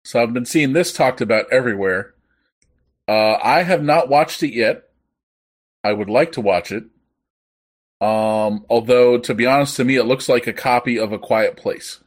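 A man's voice: medium pitch, normal speed. A man co-hosting a casual podcast chat, easygoing and a little hesitant. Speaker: podcast co-host.

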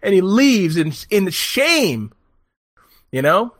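A man's voice: high voice, takes it slowly, dry recording, clean studio sound. Profane, laughing man telling stories. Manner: profane, animated storytelling with laughs. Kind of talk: casual chat.

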